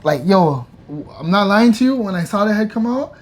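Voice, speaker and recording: A man's voice: high voice, animated, normal speed. A man retelling his partner's labour in a casual, slangy way, stumbling over words and restarting as he gets worked up. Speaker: co-host of a couple's channel. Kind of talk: casual storytelling.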